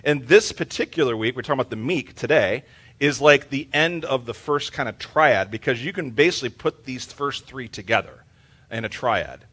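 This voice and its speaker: A man's voice: medium pitch, normal speed, fairly bright tone. A man preaching a sermon as pastor in a church, in a casual, joking way with lots of fillers. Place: church sanctuary. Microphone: handheld microphone.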